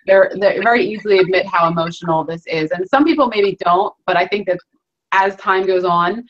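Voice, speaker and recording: A woman's voice: medium pitch, a little fast, background noise. A woman hosting an interview over a video call, speaking earnestly and circling back to restate her points. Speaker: host. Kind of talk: reflective interview commentary. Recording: dull lo-fi video call audio.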